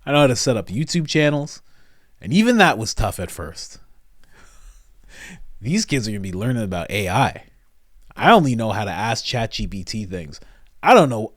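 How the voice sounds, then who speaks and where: A man doing comedic reaction commentary, animated and mock-incredulous, often breaking into laughter. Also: on the low side, moderate pace, pauses often, dry recording, studio quality. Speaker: commentary host.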